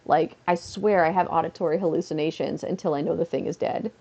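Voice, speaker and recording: A Canadian woman sits on a beanbag at home, casually chatting on a livestream and rambling with plenty of "like" fillers. Her deep, warm voice moves fairly quickly, and the recording sounds muffled.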